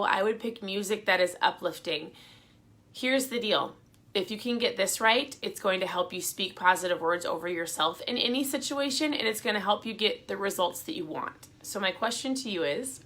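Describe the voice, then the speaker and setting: A middle-aged woman talks to her viewers in a casual, encouraging way. Her voice is bright and forward, and her pitch sits in an ordinary middle range. She sounds chatty and upbeat as she hands out motivational tips. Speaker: vlogger giving motivational advice. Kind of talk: casual motivational talk to camera.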